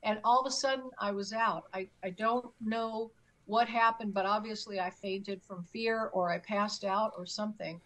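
A woman's voice: medium pitch, steady tone, normal speed, a bit bright. Middle-aged woman telling her story on a talk show, emphatic, acts out what she said back then. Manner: emphatic, acts out her own past pleas. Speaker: guest recounting an experience. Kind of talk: conversational storytelling.

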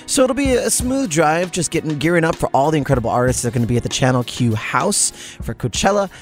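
A man's voice: a little high, sing-song, fast, faint music behind. A man hosting a morning radio show, chatting energetically and telling stories. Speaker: radio host. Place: radio studio.

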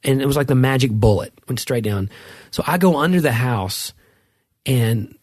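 A middle-aged man with a husky, slightly breathy voice tells a rambling story full of restarts and asides. The sound is close and dry, with no room around it. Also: medium pitch, expressive, moderate pace, darkish tone, no room sound. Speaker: podcast co-host. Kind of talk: casual chat.

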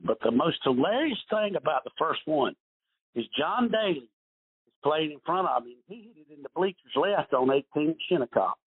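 A middle-aged man, a retired golf pro, telling rambling stories as an interview guest and often repeating his words. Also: fairly high pitch. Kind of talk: casual storytelling interview. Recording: husky voice over a tinny phone-like line.

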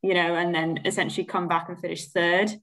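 A woman's voice: fairly low pitch, flat delivery, brisk, a bit bright, rough recording. A woman co-hosting a casual football podcast, talking in a rambling way with many fillers. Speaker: podcast co-host.

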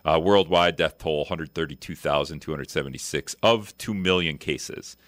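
A man with a bass voice, slightly bright and free of echo, hosts a casual talk radio show at normal speed. He rambles through statistics, reading off numbers and correcting himself as he goes.

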